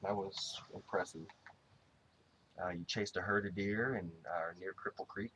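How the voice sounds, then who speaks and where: A man giving a casual, rambling tribute to his dog. He speaks to the dog directly and fondly, in halting phrases full of restarts. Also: fairly low pitch, a little hiss or hum.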